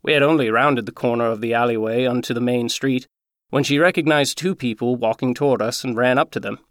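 A man reading a Christmas story aloud in a measured, earnest way. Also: mid-range voice, no room sound, studio quality.

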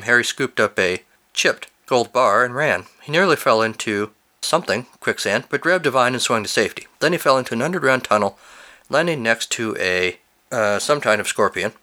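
A man hosting, reading listeners' fill-in-the-blank stories aloud and breaking off for amused asides. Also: mid-range voice. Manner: animated, amused asides between read lines.

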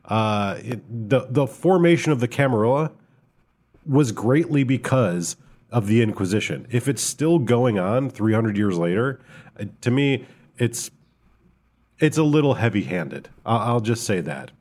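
A man's voice: medium pitch, lively intonation, a little slow, darkish tone. A man co-hosting a casual podcast review of a tabletop game book, talking in a rambling, hesitant way with lots of fillers. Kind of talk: casual chat.

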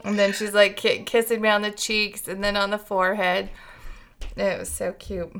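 A woman's voice: mid-range voice, level tone, normal speed, fairly bright tone. A woman hosting a podcast in casual chat, frank and a bit crude, laughing often. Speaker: podcast host and mother.

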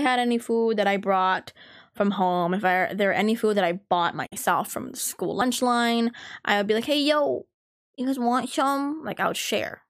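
A woman's voice: medium pitch, a bit bright, no room sound. Young adult woman, casual podcast chatter, loose and profane, dry close recording. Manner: rambling, swears freely, lots of "like".

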